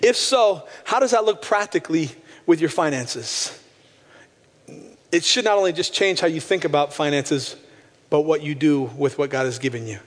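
A male pastor preaching a sermon with passion, slowing down to stress key phrases. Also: on the high side. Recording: long hall reverb.

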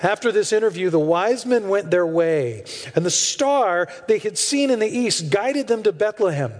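High-voiced male preacher in an echoing hall. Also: normal speed. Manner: candid, animated storytelling with self-deprecating humor. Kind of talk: sermon.

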